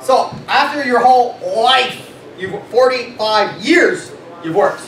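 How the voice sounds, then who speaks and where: High-voiced man leading a sales meeting. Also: takes it slowly. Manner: animated, quizzes the audience. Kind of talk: motivational talk to a live audience. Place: meeting room with audience. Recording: echoey room, far from mic, noisy.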